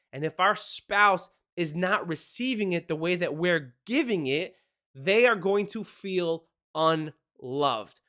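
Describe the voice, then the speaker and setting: A male podcast host giving casual marriage advice, talking fast and excitedly and laughing often. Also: high voice.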